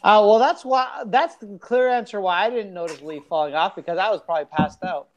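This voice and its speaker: A man bantering crudely with friends over an online card game, reading cards aloud and joking loudly. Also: high voice, fairly quick, highs cut off. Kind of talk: casual group chat over a card game.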